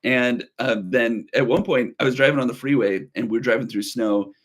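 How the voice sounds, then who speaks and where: A man's voice: medium pitch, moderate pace. Chatty man in his thirties. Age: 30s. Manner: chatty, rambling, reads chat comments aloud. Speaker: livestream co-host. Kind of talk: casual livestream chat.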